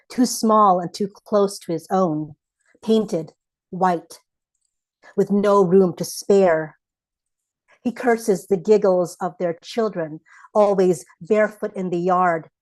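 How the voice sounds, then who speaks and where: A woman poet reading a poem aloud over a video call in a measured, deliberate way. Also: mid-range voice, rough recording. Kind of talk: poetry reading.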